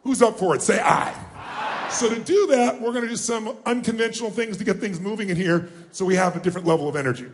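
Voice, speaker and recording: A man giving a motivational seminar, rallying a live audience with questions and call-and-response, often shouting. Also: sits high, fast talker, background noise. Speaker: motivational speaker. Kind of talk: live seminar address to a crowd. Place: large event hall with a live audience. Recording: echoey hall, faint ambience.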